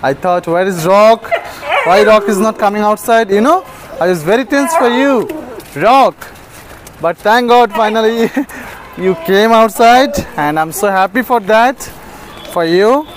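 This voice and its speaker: A man's voice: sits high, measured pace. A man vlogging as he feeds stray dogs outside, coaxing them with affectionate baby talk and frequent laughs. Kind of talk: casual vlog talk to dogs. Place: outdoors, terrace and stairs in a city. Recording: noisy outdoor street recording.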